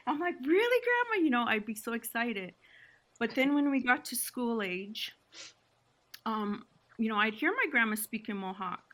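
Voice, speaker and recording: A woman's voice: on the high side, measured pace, sharp tone. A woman from Six Nations, Canada, a podcast guest telling her family story in an emotional, reflective way. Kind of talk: podcast conversation.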